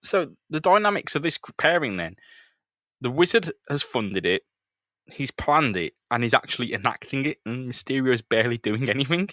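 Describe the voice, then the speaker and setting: A man co-hosting a laid-back comic book chat, with a joking, sweary delivery. His voice sits at an ordinary middle pitch, and the sound is dry and close. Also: lively intonation, moderate pace, bright, forceful tone, no echo. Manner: jokey, sweary, puts on silly villain voices. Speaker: podcast co-host.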